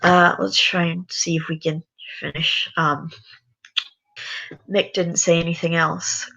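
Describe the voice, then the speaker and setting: A tired reader casually reading a story aloud, halting now and then with sighs and restarts. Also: mid-range voice, flat delivery, vocal fry, sharp tone, low-quality recording.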